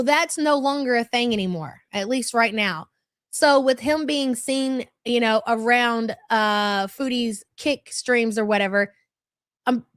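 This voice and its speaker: A woman's voice: on the high side, a bit bright, no room sound, studio quality. Chatty, gossipy woman streaming from home. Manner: chatty, gossipy, reads viewer comments aloud. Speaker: live-stream commentary host. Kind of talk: casual live-stream commentary.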